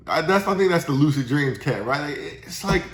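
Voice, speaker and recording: Guy rambling through a sales pep talk, a bit high pitched, lots of "right?". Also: expressive, normal speed, a bit bright, echoey room. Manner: chatty, uses tag questions and frequent restarts. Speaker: sales trainer. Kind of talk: casual motivational talk.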